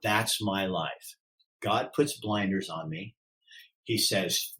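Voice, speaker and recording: A middle-aged man talks as a guest on a podcast, open and candid. He gets animated as he goes, acting out what others said with big jumps in pitch. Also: unhurried, low-quality recording. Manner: animated, acts out quoted voices, pitch swings widely. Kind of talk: candid interview talk.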